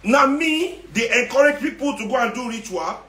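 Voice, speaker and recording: A man's voice: very high voice, expressive, normal speed, sharp tone. A man with a Nigerian accent delivering an impassioned, sarcastic monologue to his online followers. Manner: ranting, sarcastic, mixes Nigerian Pidgin. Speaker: social media commentator. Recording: echoey room.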